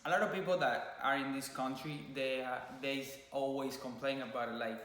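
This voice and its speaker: A man's voice: medium pitch, brisk, hardly any pauses. A man in his twenties from Cuba with a Cuban Spanish accent, casually telling his story and slipping into Spanish words. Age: 20s. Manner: relaxed, loose storytelling with Spanish slips. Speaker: vlogger. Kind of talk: casual chat. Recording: very echoey room.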